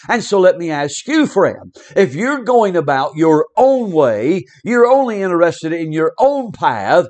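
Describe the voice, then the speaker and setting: A man preaching a radio sermon, emphatic and repetitive, speaking directly to the listener. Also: high-pitched.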